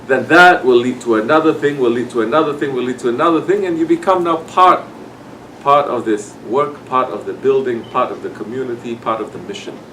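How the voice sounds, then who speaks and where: A man's voice: mid-range voice, fairly quick, a bit bright, distant mic, slight background noise, poor audio. A man giving a sermon to his congregation, scolding and acting out people's excuses. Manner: admonishing, acts out quoted excuses. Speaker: sufi sheikh.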